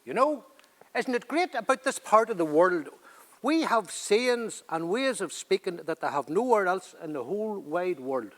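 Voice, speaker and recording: An older man, telling stories and reciting verse in a playful, lively way. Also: high voice, normal speed. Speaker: poet. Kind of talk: theatre dialogue and poem recital.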